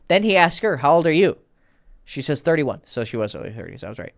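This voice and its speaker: A man's voice: on the high side, expressive, quick pace, dry recording, studio quality. Rambling, profane male dating coach. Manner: rambling, profane, self-correcting. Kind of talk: casual storytelling.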